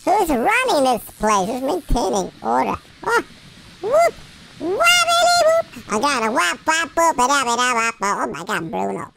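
A gamer doing let's play commentary through a chipmunk pitch-shift, goofy and excitable, with silly sound effects and nonsense chatter. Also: normal speed, creaky, few pauses, very noisy.

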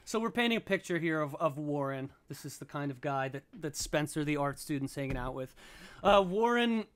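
A man's voice: fairly high pitch, lively intonation, fairly quick, clean tone. A man hosting a comedy podcast, telling a story in a rambling, chatty way. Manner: rambling, self-correcting, chatty. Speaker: podcast host.

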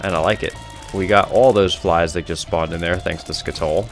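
Rambling young man, low voice. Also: steady tone, normal speed, faint music behind. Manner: rambling, self-correcting, laughs often, swears casually. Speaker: gaming video host. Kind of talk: casual gameplay commentary. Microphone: headset mic.

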